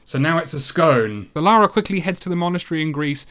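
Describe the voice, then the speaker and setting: A man's voice: a little high, animated, fast, fairly bright tone. A British man hosting a retro game review show, giving a comedic voice-over full of sarcasm and swearing.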